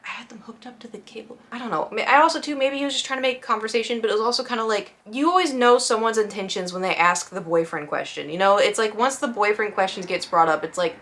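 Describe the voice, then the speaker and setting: Young woman vlogger, bright voice, chatty and animated storytime delivery. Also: mid-range voice, fast, few pauses. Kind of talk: storytime vlog.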